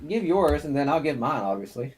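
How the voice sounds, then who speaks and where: A man's voice: fairly high pitch, sing-song, fairly quick, a little mellow, a little hiss or hum. A young man co-hosting a live movie podcast, joking around and swearing in a laid-back way. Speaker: podcast co-host. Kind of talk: casual live-stream chat.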